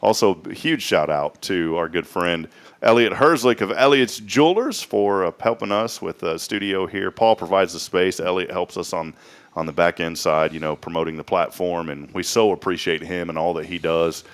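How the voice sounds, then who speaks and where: A man's voice: deep voice, normal speed. A man hosting a local morning show, talking in a folksy, rambling way with lots of fillers. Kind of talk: casual morning show chat. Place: small studio.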